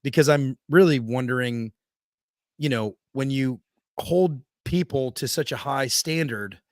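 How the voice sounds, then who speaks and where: A man's voice: mid-range voice, unhurried, dry recording, clean studio sound. A man hosting a podcast, rambling and hunting for words as he builds up to a question. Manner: rambling, searching for words before asking. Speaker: podcast host. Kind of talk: casual interview talk.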